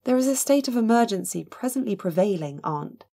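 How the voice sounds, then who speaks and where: A woman's voice: a little high, lively intonation, brisk, vocal fry, warm tone, pitched above the performer's own voice. A woman reading an audiobook, voicing an eager, forthright young woman. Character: young woman Gussie, impetuous and determined.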